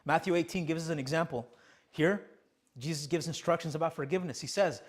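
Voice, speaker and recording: A man's voice: fairly high pitch, fairly quick. A young man preaching a sermon as pastor of his church, emphatic and full of rhetorical questions. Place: church sanctuary.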